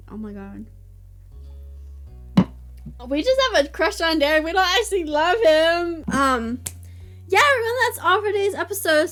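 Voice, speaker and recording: A hoarse woman reading a visual novel aloud for a video and gushing over it between lines. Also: sits high. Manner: gushing, excitable. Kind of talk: reading a game aloud with reactions.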